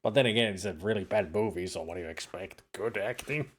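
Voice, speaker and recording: A man's voice: fairly low pitch, brisk, husky. A man casually talking over a detective game on a live stream. He rambles through his thoughts, piling up fillers and restarts. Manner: rambling, filler-heavy, hums tunes.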